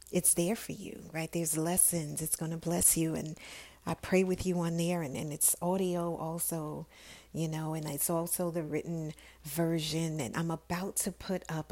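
A woman hosting a devotional podcast, speaking softly and often in a breathy half-whisper, recorded on an earphone mic. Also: lowish voice. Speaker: podcast host.

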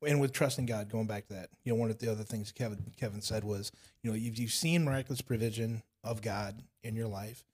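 A man's voice: on the low side, a little fast, hardly any pauses, breathy edge. A man on a church discussion panel, telling stories and acting out the voices he quotes. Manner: animated storyteller who acts out quoted voices. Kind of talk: casual faith discussion.

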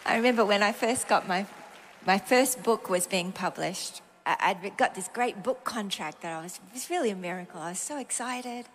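A woman's voice: mid-range voice, moderate pace, slight background noise. A middle-aged Australian woman preaching a sermon, telling personal stories and acting out her own prayers and conversations. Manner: animated, acts out her own prayers and dialogue.

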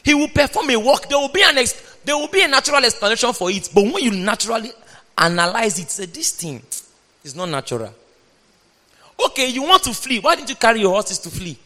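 A man preaching a sermon, reading scripture aloud and speaking emphatically, at times shouting. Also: very high voice, sing-song, a little fast. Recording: long hall reverb.

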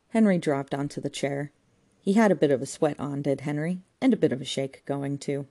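Low, mellow woman narrating a comic novel. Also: fairly quick. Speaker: audiobook narrator. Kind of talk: reading a comic novel aloud.

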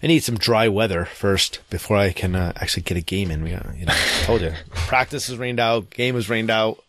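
A man's voice: lowish voice, a little fast, dry recording. A man who coaches girls' soccer, chatting casually and laughing as he tells stories about his team. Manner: laughing, animated storyteller. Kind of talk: casual chat.

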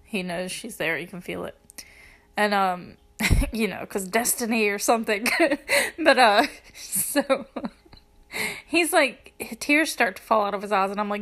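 A young woman who reviews movies recaps a film scene by scene in a mid-range, expressive, slightly bright voice, speaking unhurriedly with long pauses. She's chatty and gushing, says "like" constantly, and laughs between lines while sounding teary, close to crying.

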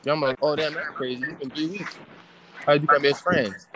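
A man's voice: a little high, fairly even intonation, fast talker, noisy background. A young man in casual podcast banter, brash and swearing freely, telling stories with mock quotes. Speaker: podcast host.

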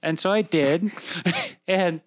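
A woman's voice: fairly low pitch, no room sound. Woman, podcast host, casual chat, rambling restarts, dry sound. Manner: rambling, halting restarts, laughs often.

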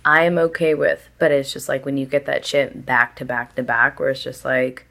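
A woman's voice: a bass voice, flat delivery, normal speed, gravelly, fairly bright tone. A young woman chatting candidly as a podcast guest, full of filler words and casual swearing.

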